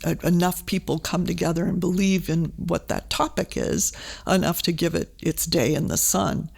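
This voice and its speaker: A middle-aged woman from Maine, a guest in an interview, telling personal stories in a casual, animated way with many fillers and restarts. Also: on the low side, creaky. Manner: animated, frequent fillers and restarts, acts out quoted voices. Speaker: guest, advertising agency CEO and former state representative.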